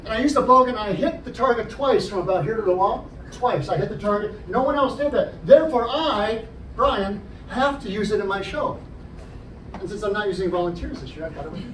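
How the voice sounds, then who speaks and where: His voice sits high, bright and expressive, running a little fast as he juggles for a library audience and explains each trick step by step with jokes. A camera out among the spectators in the indoor program room captured the show, so the sound is roomy, distant and noisy.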